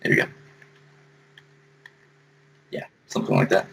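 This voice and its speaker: A man's voice: unhurried, a bit bright, a little hiss or hum, rough recording. A man giving a casual screen-share compositing tutorial, thinking aloud as he explains each step. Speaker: compositing instructor.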